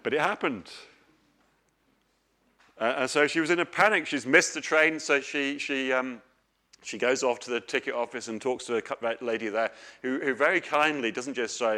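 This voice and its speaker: A middle-aged man preaches a sermon in an earnest, questioning way. He asks questions and tells homely stories. His voice sits at an ordinary pitch for a man. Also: normal speed, bright, forceful tone.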